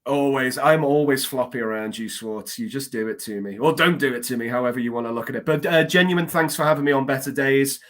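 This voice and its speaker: A man's voice: medium pitch, a little fast, few pauses, a bit bright. A man with a non-American English accent, a guest on a livestream, talking earnestly and politely about his work. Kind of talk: casual interview chat.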